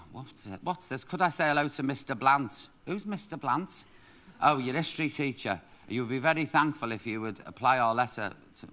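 A man hosting a TV chat show, reading viewers' letters with cheeky, quick-witted comic asides. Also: medium pitch. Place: TV studio with live audience. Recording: TV broadcast with loud audience and noise.

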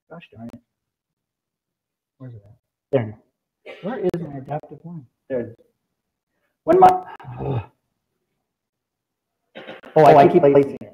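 Brief: upbeat male presenter, fairly high voice, exclamatory and animated, dull lo-fi room recording. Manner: excitable, exclamatory, full of sound effects. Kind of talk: live software demo talk.

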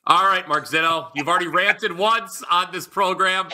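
A man's voice: sits high, moderate pace, pushed and bright. A man co-hosting a sports betting show, teasing his partner in playful banter.

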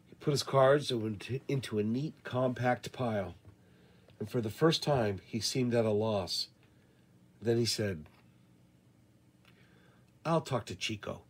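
A man reading a western novel aloud in the first person, measured and deliberate. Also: medium pitch, husky. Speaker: audiobook reader. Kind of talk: first-person audiobook narration.

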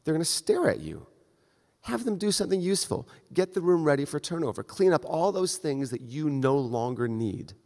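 Very animated, a male surgeon with a higher, creaky, darkish voice lectures at a moderate pace to a conference. He's direct and conversational, acting out quick exchanges, while the lecture hall's long reverb trails his speech.

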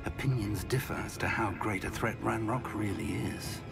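An actor playing an older male wizard professor with an English accent, speaking in a measured, formal way. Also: lowish voice, creaky. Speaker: mentor professor. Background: game music.

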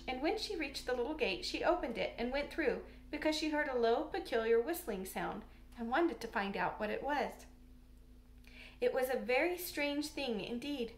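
A woman reading a storybook aloud in a calm, measured way. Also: high-pitched. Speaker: audiobook reader. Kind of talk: scripted storybook narration. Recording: roomy echo.

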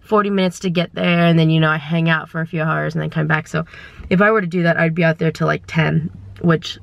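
A young woman, vlogging casually from her car and around stores, rambling and indecisive, getting excited as she talks. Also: low-pitched, brisk, gravelly, no echo, dull audio. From California. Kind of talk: casual vlog chat.

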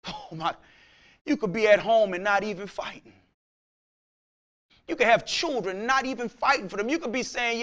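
A man preaching a sermon as pastor, casual in speech, acting out his listeners' voices and swinging from quiet talk to shouts. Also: very high voice, animated, normal speed, long pauses.

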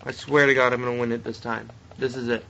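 A young man doing live commentary on a game he is playing, mostly muttering, then breaking into frustrated yells. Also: mid-range voice, little pitch movement, quick pace, creaky, highs cut off, slight background noise. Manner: swings from muttering to frustrated yelling. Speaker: let's play gamer.

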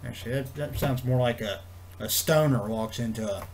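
A man vlogging in a rambling casual way, swearing freely and filling pauses with ums and you-knows. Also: medium pitch. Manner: rambling, profane, many fillers and restarts. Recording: faint background noise.

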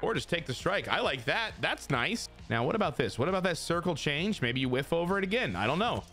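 A man with a fairly high, bright voice calls his own game in loose, excitable commentary. His pitch swings widely as he cheers, swears and trash-talks the other player. Faint music plays behind him. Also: a little fast. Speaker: gaming channel host. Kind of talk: casual gameplay commentary.

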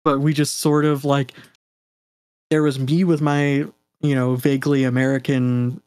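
A man's voice: medium pitch, flat delivery, measured pace, a little mellow, clear, resonant tone, no room sound. A man with a Canadian accent, a game designer chatting as a guest, easygoing and full of fillers and little laughs. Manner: chatty, laughs often, many fillers and restarts. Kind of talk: casual fireside chat.

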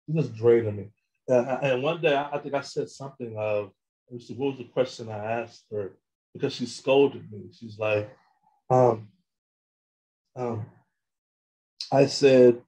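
Halting man with a dark, mellow voice. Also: mid-range voice, rough recording. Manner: halting, repeats words while searching for them. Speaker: guest recounting experiences. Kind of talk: candid personal account in a discussion.

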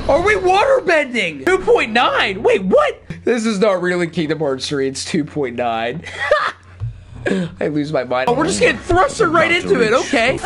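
A woman streaming a video game, commenting excitedly as she plays, often laughing at herself and breaking into shouts. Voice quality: high, lively voice that jumps into shouts and laughs. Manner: gushing and giddy, laughing at herself. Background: game music.

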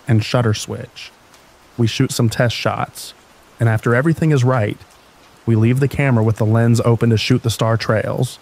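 A man narrating scary stories in an even, slow, soothing bedtime reading style. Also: medium pitch, rough recording. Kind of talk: calm scripted storytelling narration.

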